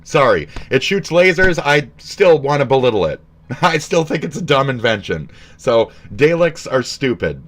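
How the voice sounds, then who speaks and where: A man's voice: mid-range voice, moderate pace, slight background noise. A man streaming commentary, ranting crudely and mockingly with lots of swearing. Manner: crude, profane, mocking, animated. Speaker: streamer reacting to posts.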